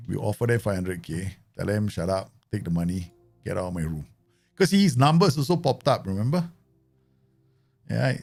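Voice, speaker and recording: A man's voice: on the low side, vocal fry, a little mellow, breathy edge. A man chatting casually through a live stream of a football management game, laughing often and making playful asides.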